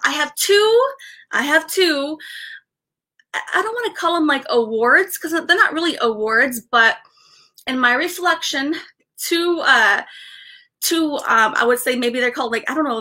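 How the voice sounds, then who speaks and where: Bright, excitable woman live-streaming. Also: high voice. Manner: excited, rambling, many restarts and fillers. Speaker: livestream host. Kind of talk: casual live-stream chat.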